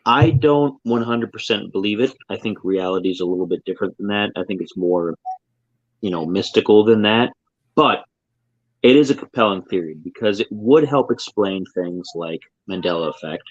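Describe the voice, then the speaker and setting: A man's voice: lowish voice, lively intonation, normal speed, no echo, muffled recording. A man co-hosting a podcast in casual chat, rambling with lots of filler words. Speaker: podcast co-host.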